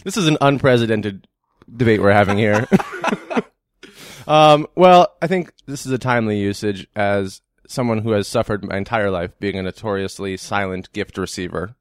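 A man's voice: lowish voice, normal speed, no room sound, clean studio sound. A man co-hosting a podcast, chatty and giggly, with goofy asides. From New Hampshire. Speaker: podcast co-host. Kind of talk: casual chat with scene reading.

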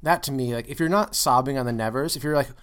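A man's voice: mid-range voice, fast talker. A man co-hosting a casual theatre podcast, talking about poetry and staging with enthusiasm and jokes. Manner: enthusiastic, animated, jokey. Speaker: podcast co-host.

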